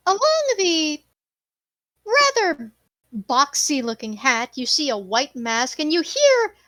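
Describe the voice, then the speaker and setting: A woman's voice: sits high, a bit bright, dry recording. A woman narrating a tabletop game as game master, describing scenes in a playful way.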